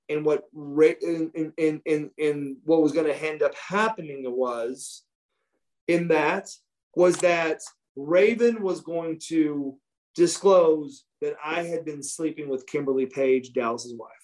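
A man with a voice pitched a little above the usual, telling stories in a loose, conversational way. He swears freely and acts out other people's lines as he goes, like a former wrestler reliving the old days. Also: darkish tone. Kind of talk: casual storytelling chat.

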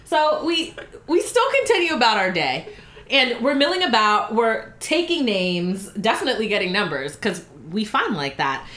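A woman telling a story in casual chat, animated and giggly, acting out the dialogue. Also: fairly high pitch, reverberant.

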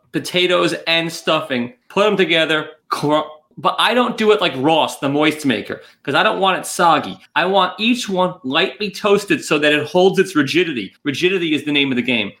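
A man co-hosting a podcast, trading teasing jokes in casual comedic banter. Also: a little high. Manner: joking, teasing, animated. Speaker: podcast co-host.

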